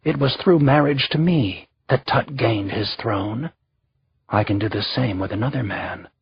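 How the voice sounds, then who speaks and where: A man's voice: medium pitch, a little slow, creaky, muffled recording. A man voicing a proud, wounded young queen who speaks with resentful dignity.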